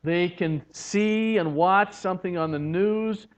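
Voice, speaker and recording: A man teaching in church, who often acts out what people say in soft, hushed voices. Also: high-pitched, slow pace. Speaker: preacher. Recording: dull lo-fi recording.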